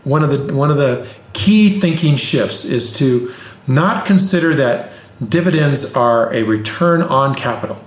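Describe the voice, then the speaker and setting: Homme qui explique l'investissement avec des exemples simples, ton de professeur, pièce qui résonne. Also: male voice, on the high side, expressive, unhurried. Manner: plain-spoken, teacher-like, explains with examples. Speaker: investing expert. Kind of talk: casual explanatory conversation. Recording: roomy echo.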